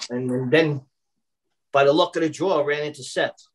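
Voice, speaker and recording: Over poor audio, this Brooklyn man speaks at a normal speed in a slightly high voice. He's a personal chef on a casual video call, chatty and loaded with fillers, often repeating words and restarting as he begins a thought.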